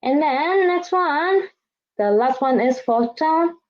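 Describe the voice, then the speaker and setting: Her voice sits high and sounds animated, and she takes her time. She leads a slow, careful beginner Chinese class as a Vietnamese native speaker, patiently exaggerating tones for students to echo back, captured on a slightly muffled lo-fi recording.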